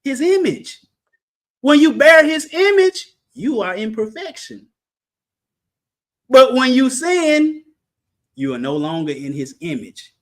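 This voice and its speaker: A man with a very high voice preaches through a Bible study with exuberant energy. His pitch swoops widely, and he shouts exclamations between joking asides. His tone is bright and forceful, yet he takes the words slowly. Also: big pitch swings. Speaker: Bible teacher.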